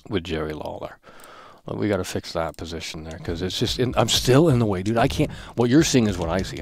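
A man streaming a wrestling video game, trash-talking the screen with lots of swearing, swinging from yelling to low muttering. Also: creaky, dry recording. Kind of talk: casual live-stream commentary.

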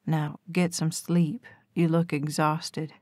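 A woman reading the part of a caring, protective young man in an audiobook, speaking softly and turning firm. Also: low-pitched, level tone, slow pace, no room sound. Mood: tender. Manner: soft, gentle, firm when pressed.

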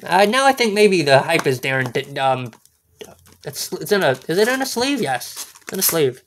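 A man's voice: fairly high pitch, sing-song, normal speed, a bit bright, slight background noise. Goofy man exclaiming over card packs. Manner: goofy, exclaiming, playful wordplay. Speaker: card-opening video host. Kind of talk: casual unboxing commentary.

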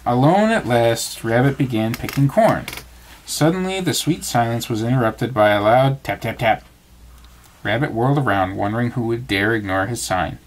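A man reads a bedtime storybook aloud to his child in an expressive storytelling voice. His pitch moves in lively swings, rising and falling through each sentence. The reading is warm-paced and animated. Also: normal speed, a little hiss or hum.

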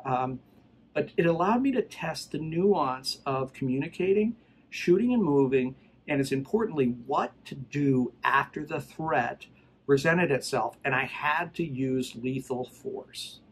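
A man's voice: fairly high pitch, animated, measured pace, slightly rough, low-quality recording. A middle-aged man talking casually as a firearms trainer, emphatic and conversational as he walks through training scenarios. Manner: emphatic, conversational, retells scenarios with acted quotes. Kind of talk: casual instructional talk.

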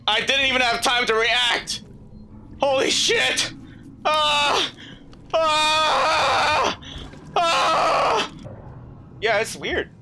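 A gaming YouTuber doing let's play commentary, yelling, shrieking and swearing at scares and taunting the enemies on screen, with game music behind. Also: high voice, expressive, extremely slow, long pauses, noisy background.

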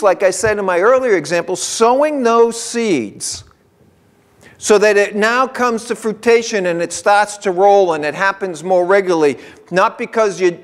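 A male pastor preaching a sermon in a church, talking conversationally and driving points home by repeating them. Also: high-pitched. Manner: conversational preaching with emphatic repetition. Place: church sanctuary.

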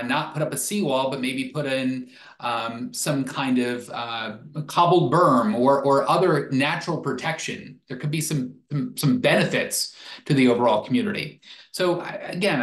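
Earnest man in a roomy echo. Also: mid-range voice. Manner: earnest, repeats words when starting sentences. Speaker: climate speaker. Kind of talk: webinar talk.

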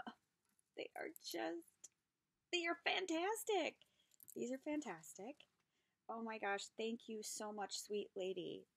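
A woman hosting a craft vlog, unboxing handmade gifts and gushing over each one with gasps and soft whispered asides. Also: medium pitch, creaky, no room sound. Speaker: craft channel host. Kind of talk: unboxing craft mail, casual chat.

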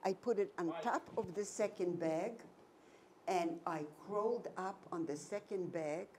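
A woman in her nineties giving a personal testimony to an audience, telling her story slowly and emphatically with many repetitions. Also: fairly low pitch, a crowd in the background. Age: 90s. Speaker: Holocaust survivor giving a talk.

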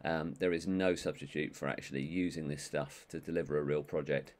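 A man giving an online training course, talking in a monotone with many ums and uhs. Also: extremely low pitch, a little fast. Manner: monotone, calls his own voice that. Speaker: management trainer.

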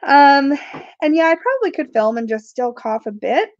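A tarot video creator unboxes on a live stream, chatting in a high, very animated voice at normal speed while she rambles, laughs and reads viewer comments aloud. She has a cough and is sucking cough drops, and the recording is dry and muffled.

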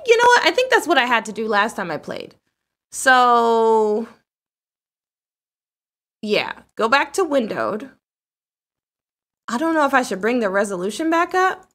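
A woman game streamer chatting casually and excitedly with her live chat while setting up a game. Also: high voice, measured pace, pauses often.

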